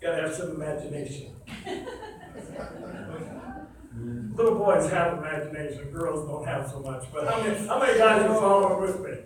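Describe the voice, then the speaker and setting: A man's voice: on the high side, lively intonation, normal speed, pauses often. A man preaching a sermon, emphatic and repetitive, quizzing the congregation. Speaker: pastor. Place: church sanctuary. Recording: echoey hall from far off, faint noise.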